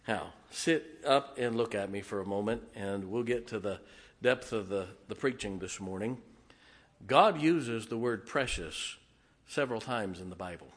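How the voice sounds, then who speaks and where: A man's voice: on the low side, moderate pace. A middle-aged man, a pastor giving a folksy sermon full of jokes and heartfelt asides. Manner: folksy, joking, emotional asides, frequent uh fillers. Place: church sanctuary.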